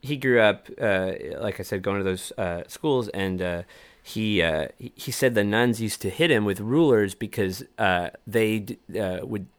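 A man's voice: fairly low pitch, a little slow, clear, resonant tone, no echo. A young man from New York chatting casually as a musician guest, rambling and jokey, often correcting himself mid-sentence. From New York, USA. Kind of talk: casual chat.

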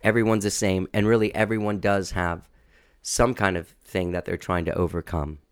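A man talking candidly in a casual interview, rambling and making dark jokes. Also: sits low, steady tone, normal speed, clear, resonant tone, no echo, clean studio sound. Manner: candid, rambling, darkly joking. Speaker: musician guest.

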